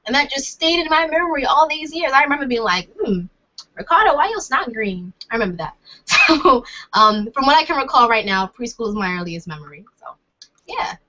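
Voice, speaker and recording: A woman's voice: high-pitched, lively intonation, a little fast, pushed and bright, a little hiss or hum. A young woman vlogging in a casual chat, rambling and hesitant with many fillers and laughs. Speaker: vlogger answering questions. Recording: dull lo-fi sound.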